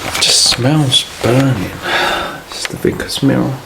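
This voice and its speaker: A man hunting ghosts at night in a haunted house, slowly asking the spirits questions and swearing in awe. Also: mid-range voice, animated, gravelly, background noise. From United Kingdom. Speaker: paranormal investigator. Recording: echoey room, mic at a distance.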